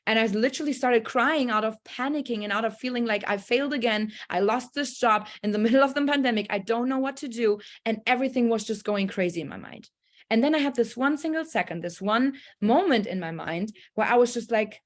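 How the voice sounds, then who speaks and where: A woman on a group video call telling a personal story in a casual, motivational way, earnest and animated, with many fillers and restarts. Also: mid-range voice, a little fast. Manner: acts out her own past thoughts and a friend's lines.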